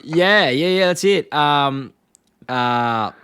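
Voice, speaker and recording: A man's voice: on the high side, animated, very slow, a bit bright, a little hiss or hum. A tipsy man, co-hosting a podcast in casual chat, laughing as he retells scenes and quotes lines. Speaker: podcast co-host.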